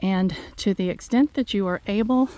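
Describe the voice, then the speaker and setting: A woman, slightly out of breath, talking gently and haltingly to her viewers outdoors on a phone. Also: mid-range voice. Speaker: farm vlogger. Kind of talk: casual heartfelt talk to viewers. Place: outdoors in fog. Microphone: handheld phone.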